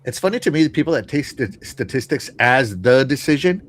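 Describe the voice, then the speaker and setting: A man's voice: medium pitch, expressive, fairly quick. A man hosting a casual live-stream show, talking to his chat with lots of fillers and restarts. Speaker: podcast host.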